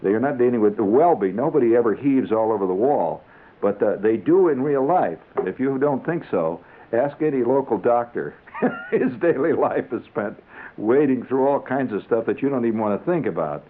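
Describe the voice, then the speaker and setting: A man's voice: mid-range voice, big pitch swings, moderate pace, a little hiss or hum. A man telling a comic monologue on the radio in a rambling, conversational way with chuckling asides. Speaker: radio storyteller. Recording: tinny 1970s radio broadcast.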